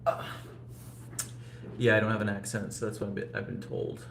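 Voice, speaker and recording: A man talks loosely to his live viewers, rambling and filling gaps with little asides. His voice sits a bit low and carries no regional accent. The room is echoey, with a faint hum of ambient noise behind him. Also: little pitch movement, normal speed. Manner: rambling, talks to chat viewers, frequent fillers. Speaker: vlogger. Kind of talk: casual live-stream chat.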